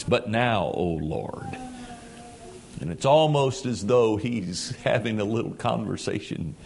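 Dramatic, bright-voiced preacher delivering a sermon. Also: male voice, on the high side. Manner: dramatic, swings between hushed and shouting; archaic scripture cadence, rhetorical questions. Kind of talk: sermon with scripture reading.

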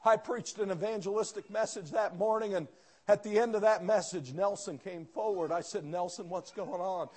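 Man preaching, voice high for a man. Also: normal speed, a little mellow, husky. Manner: storytelling with quoted dialogue, swelling to fervent outbursts. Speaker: pastor. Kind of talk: sermon.

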